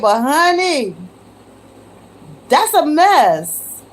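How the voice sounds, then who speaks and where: A woman's voice: high-pitched, lively intonation, takes it slowly, pauses often. A woman hosting a casual livestream from her phone, chatting with viewers and calling them y'all, given to disbelieving exclamations. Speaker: livestream host. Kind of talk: casual live chat with viewers.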